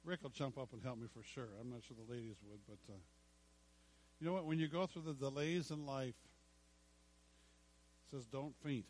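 A middle-aged male pastor preaching a sermon, slowing down to stress scripture and dropping to quiet asides. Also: mid-range voice, rough recording. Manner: emphatic preaching, slows to stress scripture, drops to hushed asides.

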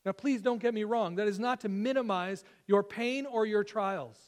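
A man preaching a Sunday sermon as pastor, earnest and emphatic, slowing down to stress key phrases. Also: high voice.

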